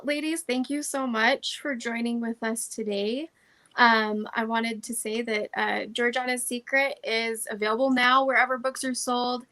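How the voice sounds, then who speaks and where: A woman's voice: fairly high pitch, bright, forceful tone. A woman hosting a casual author chat, upbeat and affirming. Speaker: interview host.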